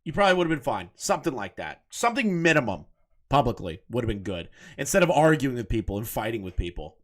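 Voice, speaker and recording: A man's voice: medium pitch, sing-song, quick pace. A man doing casual live commentary on clips, talking in a heated, profane and mocking way. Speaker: commentary streamer.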